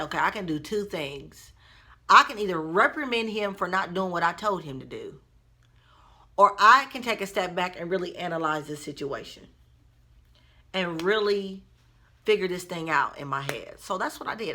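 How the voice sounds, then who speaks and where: A woman vlogger chats straight to her viewers in a relaxed storytime style. Her voice is bright and forceful, sitting a little low in pitch, and she speaks with an expressive, personal manner. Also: normal speed. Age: adult mother. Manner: chatty, expressive, addresses viewers directly. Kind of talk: casual storytime vlog.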